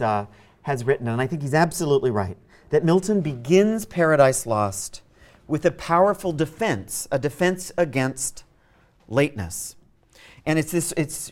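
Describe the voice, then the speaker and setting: A man giving a university literature lecture. He thinks aloud, often restarts and repeats words, and reads verse aloud while tapping out its meter with spoken beats. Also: mid-range voice.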